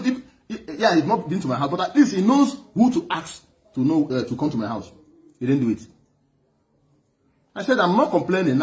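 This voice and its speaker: Animated Nigerian man, lively pitch. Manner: animated, repeats words and laughs often. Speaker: speaker addressing an audience. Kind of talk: storytelling speech.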